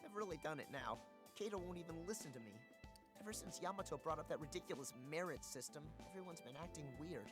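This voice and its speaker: A man's voice: on the high side, animated, fast, natural voice. A man voicing a worried, easygoing teenage boy who talks earnestly in a game, with music under him. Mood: glum. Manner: earnest, a little gloomy. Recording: game audio with clear music behind.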